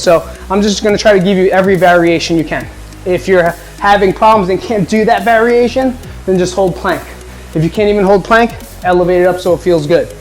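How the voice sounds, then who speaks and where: Male fitness coach, high voice, upbeat and joking. Home workout tutorial, faint music behind. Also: low-quality recording.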